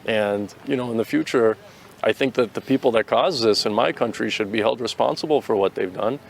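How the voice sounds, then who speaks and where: A man's voice: medium pitch, a little fast, vocal fry, a little hiss or hum. An American man answering interview questions outdoors, earnest and opinionated, often restarting his sentences. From United States. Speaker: interviewee, volunteer fighter.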